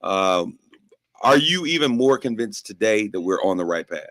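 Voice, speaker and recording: Male talk host, rallying and emphatic, low voice, dry studio sound. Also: expressive, moderate pace, a bit bright, dry recording.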